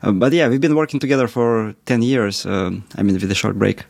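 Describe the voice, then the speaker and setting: A man co-hosting a podcast in casual chat, halting with many restarts and frequent chuckles. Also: fairly low pitch, vocal fry, darkish tone, no room sound, clean studio sound. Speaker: podcast co-host.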